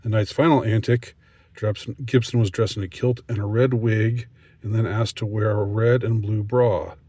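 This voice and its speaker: A man reading a news story aloud and commenting on it, halting with many restarts and mocking asides. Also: fairly low pitch, steady tone, dark tone, dry recording.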